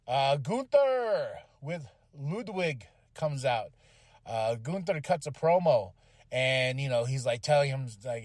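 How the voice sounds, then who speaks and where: A man's voice: mid-range voice, a little slow, no room sound, clean studio sound. A man hosting a podcast, casually recapping a wrestling show, swearing freely and acting out the wrestlers' lines. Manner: animated, swears freely, acts out quotes. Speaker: podcast host.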